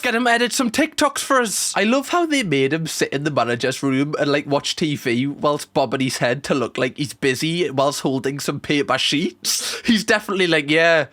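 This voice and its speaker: Reaction host: young man, slightly high voice, jokey and sarcastic. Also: a bit bright. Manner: sarcastic, jokey, mock quotes of people. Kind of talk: casual reaction commentary.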